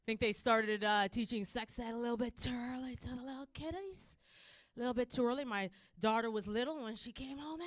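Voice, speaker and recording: A woman from Canada in her thirties doing a stand-up set, acting out her kids and herself in loud, high voices. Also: animated, a little fast, no room sound, clean studio sound. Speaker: stand-up comedian. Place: comedy club stage.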